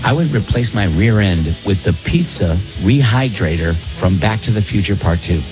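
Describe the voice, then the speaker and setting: A man's voice: lowish voice, lively intonation, normal speed, music in the background. A man hosting a morning radio show, bantering with co-hosts and telling rambling, self-interrupting stories in a jokey tone. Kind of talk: casual on-air banter and storytelling. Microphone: studio broadcast mic.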